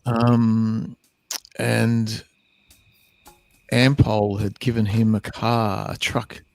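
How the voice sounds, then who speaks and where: An Australian man, a band musician, talking in a relaxed, wry way over a video call. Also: lowish voice, extremely slow, vocal fry. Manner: relaxed, wry, laughing storyteller. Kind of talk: casual interview chat.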